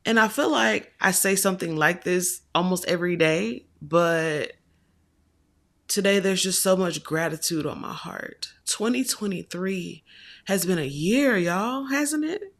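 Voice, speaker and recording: A woman's voice: on the low side, a little slow, a bit bright. A woman hosting her own tarot channel, talking to her viewers in a heartfelt, affectionate way. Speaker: tarot reader and channel host. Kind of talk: casual direct-to-camera tarot vlog.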